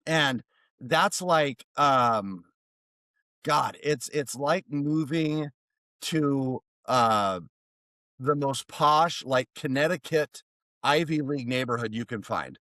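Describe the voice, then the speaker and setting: An American man, a therapist, telling a story as a podcast guest in a rambling, animated way. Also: medium pitch, slow pace, dry recording. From United States. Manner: rambling, animated, many restarts. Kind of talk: casual storytelling.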